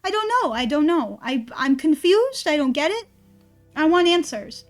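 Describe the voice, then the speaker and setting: Give me a high-pitched woman streamer who swears a lot and rambles, with soft music behind. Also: big pitch swings, normal speed. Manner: profane, ranting, rambling. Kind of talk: casual stream chat.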